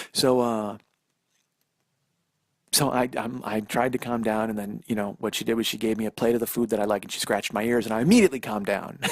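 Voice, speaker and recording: A man in his forties tells a long personal story on his own podcast. He rambles, swears freely and mocks himself, and his middle-pitched voice sounds dry and close, recorded on a phone. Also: creaky, no echo. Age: 40s. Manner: rambling, self-deprecating, profane. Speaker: podcast host. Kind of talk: solo storytelling monologue.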